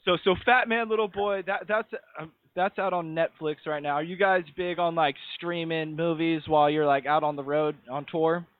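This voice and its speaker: A man's voice: fairly high pitch, fairly even intonation, smooth, no echo. A young man in his twenties hosting a radio show, chatting in a laid-back, slangy way. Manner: laid-back, slangy, quick to laugh along. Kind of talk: casual interview. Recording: thin phone-like sound.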